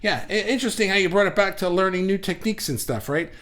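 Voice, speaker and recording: A middle-aged man hosting a casual livestream, reading out viewer comments in an energetic, animated way, often restarting his sentences. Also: high-pitched, fast. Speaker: livestream host.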